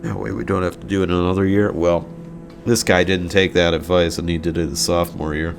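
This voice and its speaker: A man's voice: deep voice, little pitch movement, a little fast, creaky, faint music behind. A young man casually telling a story from his school days, sarcastic, swearing freely and laughing often.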